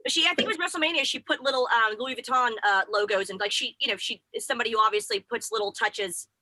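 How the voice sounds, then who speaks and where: A woman's voice: fairly high pitch, fast talker, sharp tone, no room sound, low-quality recording. A woman co-hosting a casual chat show, talking in an effusive, gushing way. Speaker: co-host.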